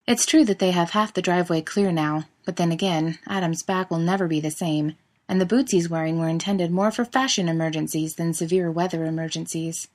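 A woman reads fiction aloud in a fairly low, steady voice. Her narration is expressive without being showy. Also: fairly quick. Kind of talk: audiobook fiction reading.

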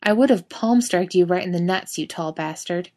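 A woman voicing a frightened young male stoner who curses and yelps in a shrill, breathless way. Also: normal speed, darkish tone, natural voice. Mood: grumbling.

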